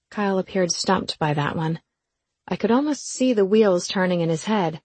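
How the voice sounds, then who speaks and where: A woman narrating a first-person audiobook in a steady, even way. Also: on the low side, moderate pace, breathy edge, no room sound.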